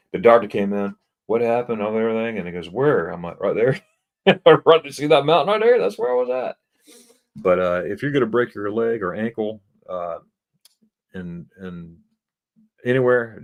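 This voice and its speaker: Deep male host, casual chatty storyteller, restarts a lot. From United States. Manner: chatty, laughs often, repeats words. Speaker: travel host. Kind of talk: casual live-stream storytelling.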